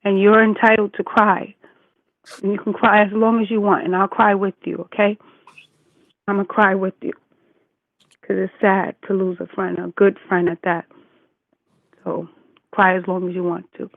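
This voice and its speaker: A woman's voice: mid-range voice, little pitch movement, normal speed, vocal fry, pauses often, no echo. Consoling woman in her forties on a phone line. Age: 40s. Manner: emphatic, reassuring, repeats for stress. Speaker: caller. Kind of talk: casual consoling chat. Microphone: phone call.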